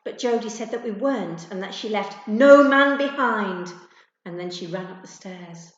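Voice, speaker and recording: A woman reading a children's storybook aloud to pupils, gentle and expressive. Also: medium pitch, moderate pace. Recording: echoey room, dull sound.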